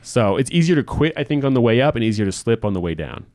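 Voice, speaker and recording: A man's voice: medium pitch, sing-song, darkish tone, no room sound, studio quality. A man co-hosting a podcast in casual chat, rambling and restarting his sentences as he goes. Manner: quick, rambling, many restarts. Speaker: podcast co-host.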